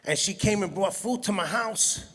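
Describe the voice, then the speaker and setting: A stand-up comedian, telling animated stories and laughing at his own jokes. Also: high-pitched, moderate pace, breathy edge. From Brooklyn, New York. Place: comedy stage in a hall. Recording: long hall reverb from a live venue.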